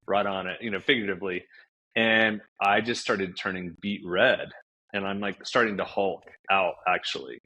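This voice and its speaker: A man, a podcast guest and author, telling stories in a casual interview and acting out quoted dialogue with lively jumps. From United States. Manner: animated storyteller, acts out quoted dialogue with big pitch jumps.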